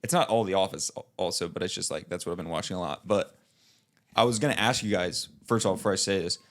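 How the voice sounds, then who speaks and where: Fast and fairly bright despite sitting low, this young podcast co-host's voice carries a casual, rambling chat. He leans on filler "likes," restarts his sentences, and laughs often.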